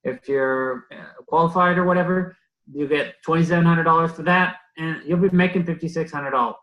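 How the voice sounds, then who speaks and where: Um homem explicando um bônus à equipe numa reunião descontraída, hesitando e procurando palavras. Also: male voice, on the high side, roomy sound, dull audio. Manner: halting, searches for words. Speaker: coach explaining a bonus to the team. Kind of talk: casual team meeting talk.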